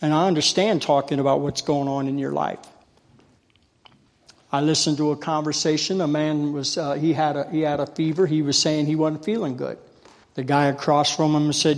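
A man preaches with folksy, storytelling warmth, pushing his congregation to answer back. His voice sits a touch high and rings out in a long, reverberant hall. He swells into shouting bursts when the spirit moves him. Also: flat delivery, normal speed. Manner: gets loud when fired up. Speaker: lay preacher. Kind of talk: sermon.

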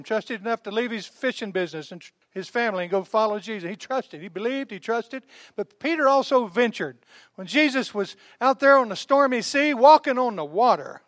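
High-pitched man preaching, folksy, repeats stuff for emphasis, calls folks honey. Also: dry recording, studio quality. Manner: animated preaching with emphatic repetition. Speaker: pastor. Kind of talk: sermon.

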